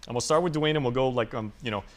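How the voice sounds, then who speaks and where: A man hosting a live TV talk show in a studio, asking quick joking questions of his guests. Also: medium pitch. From Guam. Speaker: host.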